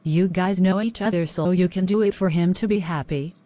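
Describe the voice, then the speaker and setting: A scheming young woman posing as a friend, coaxing and persuasive, voiced by a woman for an amateur cartoon. Her voice sits a bit low for a woman. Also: a little fast, warm tone, no echo, lightly acted. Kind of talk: amateur animation voice acting.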